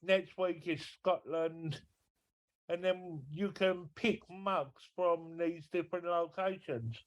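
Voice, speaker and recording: A man's voice: on the high side, fairly even intonation, takes it slowly. Cheeky man on muffled video call. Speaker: podcast co-host on video call. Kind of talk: casual banter.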